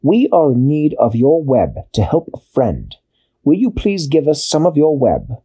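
A man playing a calm, brave captain. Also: on the high side, a little slow, husky, voice pushed up, heavily acted. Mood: firm. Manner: firm, calm commands. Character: brave, steady male ship captain.

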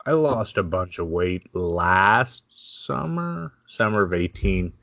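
A man's voice: low voice, expressive, slow pace, creaky, pushed and bright, dry recording. A man co-hosting a podcast in laid-back, profane casual chat, laughing often. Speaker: podcast co-host. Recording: dull lo-fi sound.

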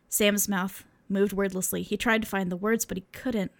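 Gravelly-voiced woman reading aloud. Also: mid-range voice, fairly even intonation, normal speed, few pauses. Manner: amused, breaks into laughter while reading. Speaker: podcast co-host reading fan fiction. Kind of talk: reading aloud with casual chat.

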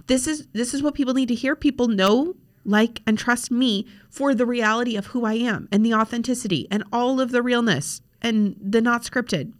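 A woman's voice: on the high side, fairly bright tone. A young woman hosting a podcast as a social media coach, talking casually and frankly with plenty of fillers. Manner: chatty, frank, many fillers. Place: home desk with laptop.

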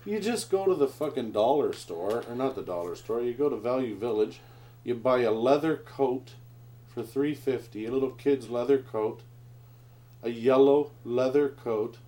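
A man's voice: medium pitch, moderate pace, dark tone. A man chatting casually and swearing often while playing a tabletop war game. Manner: chatty, profane, rambling. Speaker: board game player.

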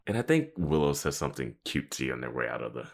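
A man's voice: a bass voice, sing-song, fast talker, gravelly. A man co-hosting a casual podcast, laughing easily and adding rambling asides about the episode. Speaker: podcast co-host. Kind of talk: casual recap chat.

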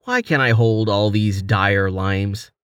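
A man's voice: lowish voice, takes it slowly, clear, resonant tone, dry recording, clean studio sound. A man voicing a playful young male adventurer in armor, in a casual, everyday voice. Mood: joking.

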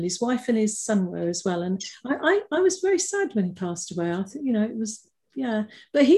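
An older woman, a guest in a casual interview, chatting through fond stories with restarts and bursts of laughter. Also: mid-range voice. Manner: chatty, warm-hearted anecdotes with frequent restarts and laughter. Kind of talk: casual conversational storytelling.

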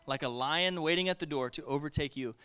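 A man preaching a sermon with lively energy, calling on the congregation to respond. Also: fairly high pitch, fairly quick, clear, resonant tone.

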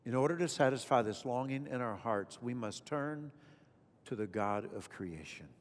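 A man preaching a sermon as pastor, swinging from loud emphasis down to a hush. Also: medium pitch, expressive, normal speed. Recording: echoey hall with faint music.

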